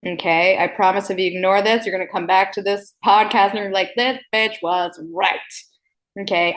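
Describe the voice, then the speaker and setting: A woman hosting a self-help podcast, talking deliberately slowly and emphatically, frank and playful, often checking in with "okay?" and swearing casually. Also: medium pitch. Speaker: podcast host.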